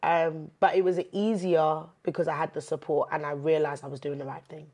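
A woman's voice: sits low, brisk. Earnest woman speaking of her faith. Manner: earnest, animated when joking, many fillers. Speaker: interview guest. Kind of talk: candid faith-based chat.

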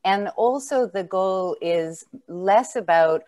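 A woman's voice: mid-range voice, slow pace, darkish tone. A woman from the United States, a conference speaker, answering a host over a video call in a thoughtful, appreciative way. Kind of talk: conversational interview answers.

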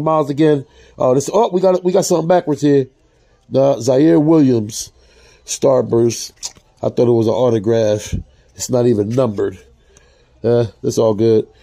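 A man casually reading out trading cards as he opens packs, talking to his viewers in a relaxed, slangy way. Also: mid-range voice, vocal fry. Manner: reads out card names, casual slangy asides to viewers. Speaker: card-opening vlogger. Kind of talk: casual pack-opening commentary.

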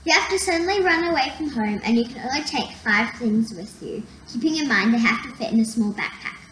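A woman's voice: fairly high pitch, animated, fairly quick, a bit bright. A woman reading out truth-or-dare prompts from a list. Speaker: sister reading the dares. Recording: echoey room with faint ambient noise.

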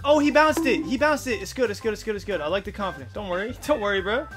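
A man's voice: high voice, animated, fast, fairly bright tone, faint music behind. A young man giving live gameplay commentary as a gaming YouTuber, hyped and full of slang as he trash talks opponents. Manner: hyped, slangy trash talk to teammates and viewers. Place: home gaming setup in front of a TV.

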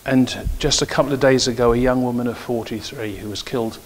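Middle-aged pastor preaching with earnest emphasis. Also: male voice, medium pitch, fairly even intonation, a little fast, a little hiss or hum. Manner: storytelling, grows emphatic and preachy. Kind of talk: sermon with personal stories. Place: church.

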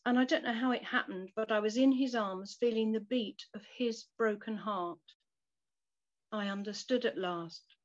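A woman reading a devotional story and prayer aloud in a soft, measured, reflective way. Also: on the high side. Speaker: devotional reader. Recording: dull lo-fi recording.

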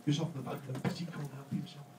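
A man's voice: on the high side, level tone, very fast. A man telling crude jokes on stage, swearing and laughing at his own punchlines. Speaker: stand-up comedian. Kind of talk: stand-up joke telling. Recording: roomy, distant, noisy live recording.

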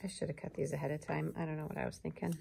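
A woman teacher giving a gentle, encouraging lesson to young children, clapping out syllables. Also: low voice, little pitch movement, racing, creaky, slight background noise.

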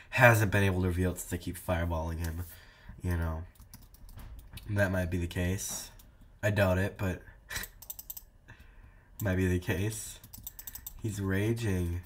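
Low-voiced young man doing playful game commentary. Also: slight background noise. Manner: playful, teasing, talks to viewers while playing. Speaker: gaming YouTuber. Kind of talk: casual gameplay commentary.

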